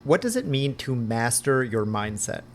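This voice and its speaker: A man hosting a podcast interview, talking quickly and with enthusiasm. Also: mid-range voice, sing-song, faint music behind. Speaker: podcast host.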